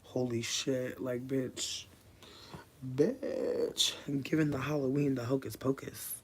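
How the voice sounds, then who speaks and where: This livestreamer's voice is mid-range, steady, and breathy at a normal speed. Speaking from a room at home, they ramble casually and curse, going from quiet muttering to loud outbursts.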